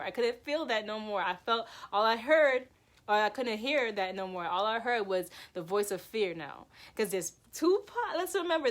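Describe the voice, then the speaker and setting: A woman telling a personal story to camera in a loose, emphatic, rambling way. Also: mid-range voice. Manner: animated, emphatic, lots of "like" and "yo".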